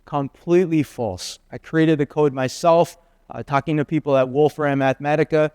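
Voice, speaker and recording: A man in his fifties delivers a sermon as a guest preacher, telling a personal story slowly and earnestly. His voice is smooth and a little high. The sound is close and dry, with no room around it. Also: steady tone, a little mellow, dry recording. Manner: earnest, slow confessional storytelling.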